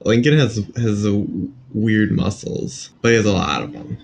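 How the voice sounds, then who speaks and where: A man's voice: lowish voice, normal speed, creaky. A man co-hosting a casual podcast, chatting in a rambling, jokey way full of fillers and restarts. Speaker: podcast co-host.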